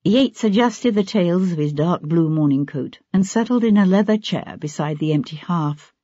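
Husky audiobook narrator, dry sound. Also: mid-range voice, expressive, normal speed, dark tone, dry recording. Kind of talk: scripted narration. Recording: dull lo-fi audiobook recording.

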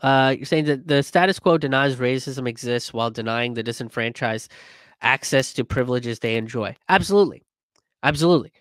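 A comedian hosting a casual commentary stream, reading viewer comments and talking it through with lots of fillers and restarts. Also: male voice, mid-range voice, fairly quick, no room sound, clean studio sound. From immigrant. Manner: conversational, many fillers and restarts, animated when quoting others.

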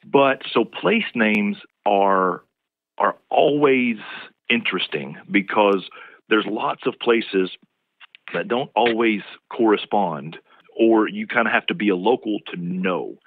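A man's voice: lowish voice, slow. A man from East Tennessee with a Southern American accent, a linguistics professor explaining patiently as an interview guest, often restarting his sentences. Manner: patient, lecturing, restarts mid-phrase. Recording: phone-line call.

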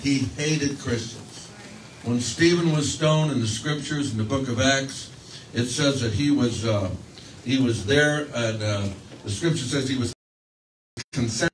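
A man's voice: medium pitch, roomy sound, recorded from a distance, slight background noise, poor audio. A man preaching a sermon, telling a story in a conversational way with restarts and fillers, acting out quoted voices. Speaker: pastor.

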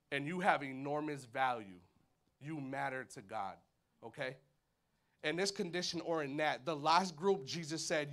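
A man in his thirties preaching in a church, talking casually with slang and acting out the voices of people in his stories. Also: medium pitch. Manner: animated, acts out voices, colloquial slang. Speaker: pastor. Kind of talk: sermon. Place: church hall.

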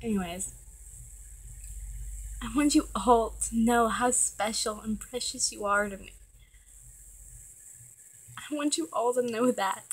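A woman's voice: on the high side, takes it slowly, pauses often, breathy edge, rough recording. A teenage girl giving an earnest, emotional pep talk to her viewers, swearing when she gets worked up. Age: teens. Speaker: vlogger.

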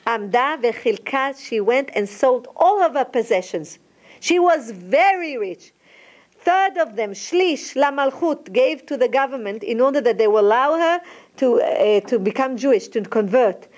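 Female Torah teacher, high-pitched, reads the source text quickly, then retells it haltingly with frequent self-corrections. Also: lively intonation, a little mellow. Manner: alternates rapid Hebrew reading with slower English retelling, frequent restarts. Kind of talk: Talmud lesson, reading and translating aloud.

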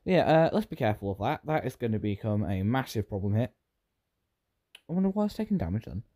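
Talking fast in a low-leaning, sing-song, mellow voice, a British YouTuber narrates his Minecraft session. His commentary rambles and keeps cutting itself off.

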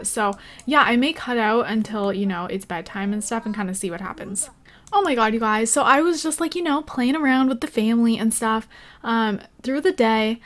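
A young woman hosting a gaming channel, giving casual, chatty gameplay commentary with gasps, giggles and lots of filler words. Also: on the high side.

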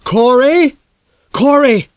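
A man voicing a desperate father who shouts and pleads, strained and high, to pull his trapped son from a sinking car. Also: steady tone, a little slow, clean tone, dry recording, studio quality. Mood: frantic shouting.

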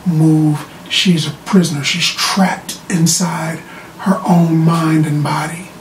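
Casual show recap, rambly and animated, repeats words, echoey room, low hiss behind. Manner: animated storytelling, repeats words when restarting. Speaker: TV show reviewer. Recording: roomy sound from a distant mic with faint background noise.

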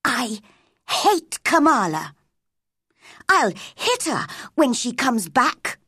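A woman's voice: sits high, very animated, slow, dry recording, studio quality, voice pushed up, full character voice. A woman voicing a cross, spoiled little girl. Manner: cross, demanding.

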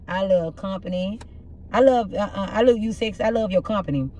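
A young woman with a rough, husky voice, doing a casual tarot reading and telling blunt, profane stories in an animated way. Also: medium pitch, fairly quick, slight background noise. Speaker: tarot reader.

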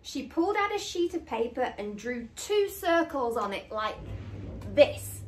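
A woman's voice: high voice, very animated, unhurried, a little hiss or hum. A woman co-hosting a podcast, chatting in a friendly way and reading a children's story aloud. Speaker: podcast co-host, story reader. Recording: echoey room.

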